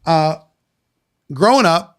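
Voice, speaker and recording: A man's voice: fairly high pitch, animated, takes it slowly. A man hosting an interview, asking conversational questions and reacting briefly. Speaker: interview host.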